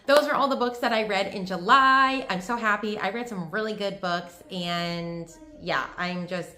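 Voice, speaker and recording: A young woman talks through her monthly reads in a chatty, gushing way, full of likes and ums. Her voice sits a little low for a woman. The room around her is echoey. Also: fairly bright tone. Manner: chatty, gushing, filler-heavy. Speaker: book vlogger. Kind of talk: casual book review chat.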